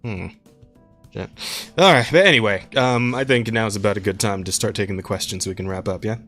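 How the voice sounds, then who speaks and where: A woman's voice: very deep voice, fairly quick, fairly bright tone, soft background music. A woman co-hosting a podcast in casual chat, dry and sardonic, often laughing at her own jokes. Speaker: podcast co-host.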